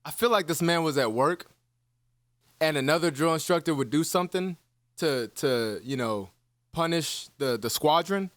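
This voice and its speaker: In casual podcast chat, a man in his 20s spins stories as co-host, laughing a lot and cursing freely in an animated way. His voice is a little high at a normal speed, and the recording is dry.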